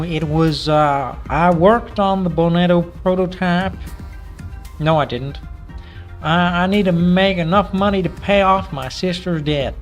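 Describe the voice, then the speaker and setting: Man doing a Southern-drawl space thief for a game video, unhurried and a bit higher than usual. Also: natural voice. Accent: Southern US put-on. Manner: slow drawl, y'all.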